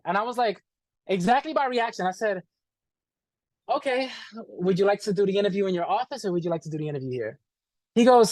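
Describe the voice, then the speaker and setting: A man telling a story as an interview guest, animated and profane, acting out what people said and calling the listener "bro". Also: high voice, a little fast, long pauses, no echo. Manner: animated, profane, acts out quoted dialogue, says "bro". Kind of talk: casual storytelling.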